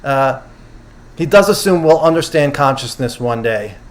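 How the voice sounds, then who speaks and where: A man with a mid-range voice speaks animatedly at a moderate pace while hosting a casual livestream recapping a conference and taking audience questions. Chatty, he loosely paraphrases the speakers and often corrects himself.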